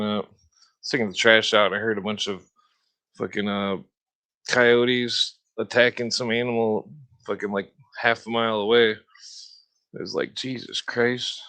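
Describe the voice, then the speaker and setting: A man's voice: lowish voice, fairly even intonation, moderate pace, long pauses, fairly bright tone. Profane rambling man ranting on a podcast. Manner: profane, meandering, full of filler and throat-clearing; mocking sneer when imitating opponents. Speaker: podcast host. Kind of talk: rambling solo rant.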